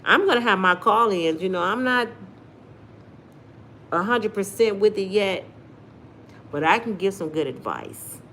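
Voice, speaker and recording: Animated, sassy woman with a Black American accent. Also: medium pitch, unhurried, pauses often, a little hiss or hum. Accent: African American English. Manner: animated and sassy, addresses viewers directly. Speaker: commentary vlogger reading live chat. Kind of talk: live-stream commentary.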